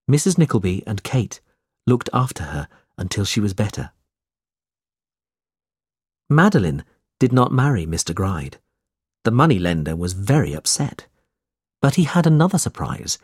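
A man reads a simple classic story aloud in a measured, steady narration. His pitch moves a lot and his tone is husky and breathy. The sound is close and dry. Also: no room sound.

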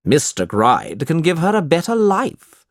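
A man's voice: a little high, huge pitch swings, a little slow, dry recording, clean studio sound, pitched above the performer's own voice, exaggerated voice. A man doing a cold, commanding uncle. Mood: scheming. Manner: curt and commanding. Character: cold, scheming middle-aged uncle.

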